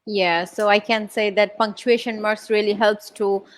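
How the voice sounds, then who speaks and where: A woman's voice: mid-range voice, fairly even intonation, moderate pace. A woman from Bangladesh with a Bengali accent, hosting the session and asking hesitant questions with fillers. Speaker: host and student.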